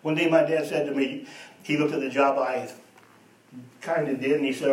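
A man preaching a sermon, telling stories and moving between hushed and emphatic delivery. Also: medium pitch, fairly even intonation, moderate pace. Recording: echoey room, voice from a distance.

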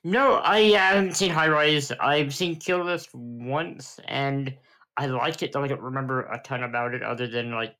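A man's voice: mid-range voice, moderate pace, bright, forceful tone, poor audio. A man co-hosting a film podcast, chatting casually and agreeably, laughing often. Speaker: podcast co-host.

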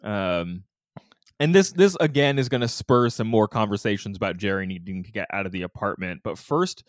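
A man co-hosting a podcast, chatting casually and acting out quotes in a mock high whiny voice. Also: lively intonation, normal speed, no room sound, studio quality. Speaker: podcast co-host.

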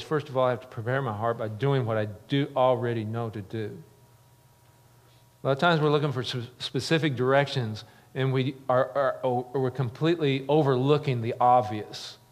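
A man's voice: medium pitch, darkish tone. A middle-aged man preaching a sermon as a pastor, earnest, building emphasis with repeated phrases. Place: church sanctuary. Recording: long reverb of a large church hall.

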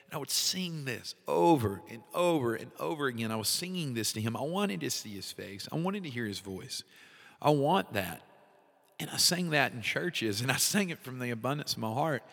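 A man's voice: mid-range voice, lively intonation, normal speed, vocal fry, fairly bright tone, long reverb tail. A man hosting a devotional talk, speaking casually and from the heart, laughing often as he shares his faith. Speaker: podcast host, worship leader.

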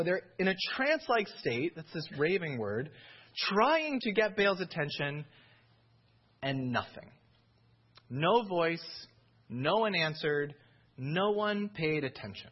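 A man preaching a sermon in a lively, conversational way, often checking in with his listeners. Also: high-pitched, husky, muffled recording. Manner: animated, conversational, keeps asking "right?".

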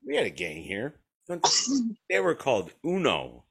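A man's voice: lowish voice, huge pitch swings, a little slow, vocal fry, fairly bright tone, husky. A man hosting a podcast, telling a story in a casual chat, swearing a lot, laughing often and acting out the voices of people he quotes. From western New York. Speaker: podcast host. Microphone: remote call.

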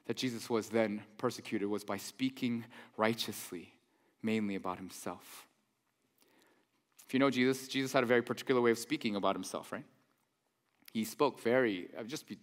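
A man preaching a sermon in a church, conversational and animated, with mock-incredulous asides. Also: medium pitch. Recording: long hall reverb.

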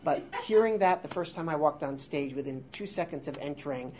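A man in his forties with a high-pitched voice, a guest improviser telling rambling, self-deprecating stories in a casual interview before a live audience. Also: animated, fairly quick, darkish tone, a little hiss or hum. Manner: rambling, self-deprecating, with filler words and restarts. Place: theater workshop space before a live audience.

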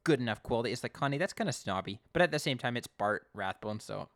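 A podcast co-host recapping an episode in casual chat, animated, with frequent restarts. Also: mid-range voice, fast, no echo, clean studio sound. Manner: animated, with many restarts and quoted voices.

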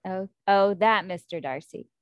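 An American woman hosting a casual book-club chat, talking in a chatty, animated way with lots of fillers. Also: mid-range voice, unhurried, clean tone, no room sound, clean studio sound.

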